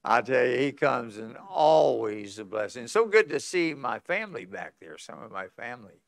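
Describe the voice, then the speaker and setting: A man's voice: mid-range voice, big pitch swings, moderate pace, vocal fry. A man in his eighties from West Virginia, a pastor with a West Virginian accent, telling folksy stories at a conference sermon and chuckling often. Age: 80s. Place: church conference hall.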